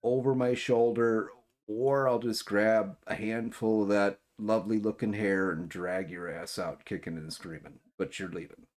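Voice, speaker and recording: A man narrating as game master of a tabletop role-play, often stumbling and repeating words, voicing gruff club bouncers. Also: lowish voice, steady tone, normal speed, darkish tone.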